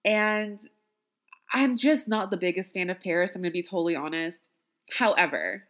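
A woman's voice: lowish voice, normal speed, a bit bright. A woman hosting a podcast in casual chat, talking freely with self-deprecating asides and frequent laughs. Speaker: podcast host.

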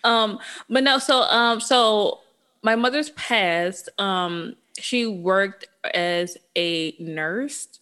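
A woman's voice: mid-range voice, extremely slow, sharp tone, smooth. A woman, sounding a bit sniffly, talking candidly and casually with laughs and slang. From New Orleans, Louisiana. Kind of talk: casual chat.

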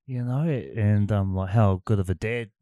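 A man chatting gently with his cousin, agreeable and full of fillers. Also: lowish voice, moderate pace, no room sound, clean studio sound. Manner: soft-spoken, agreeable, many fillers. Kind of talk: casual chat.

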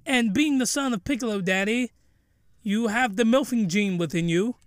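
A man voicing a calm middle-aged stepmother who lectures her teenage stepson, in a low, quiet, flat tone. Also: moderate pace, no echo, clean studio sound, natural voice. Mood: calm lecturing.

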